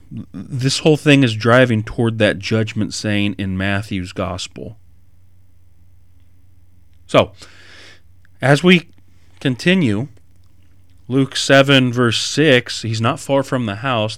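A man preaching an expository sermon in an animated way, rising to emphatic bursts. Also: mid-range voice, slow pace, long pauses, dry recording, clean studio sound.

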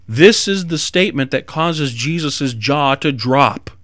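A man preaching an expository sermon in an animated way, rising to emphatic bursts. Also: fairly high pitch, unhurried, no room sound, clean studio sound.

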